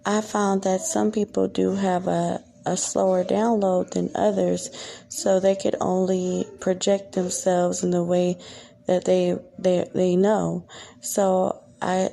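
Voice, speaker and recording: A woman in a casual podcast chat, speaking slowly and thoughtfully with halting restarts. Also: lowish voice, creaky, warm tone.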